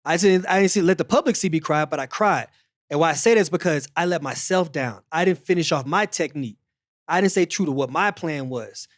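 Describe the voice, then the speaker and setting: A man's voice: fairly high pitch, brisk, no echo, studio quality. A middle-aged man hosting a casual sports chat, telling stories animatedly and repeating phrases. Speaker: show host.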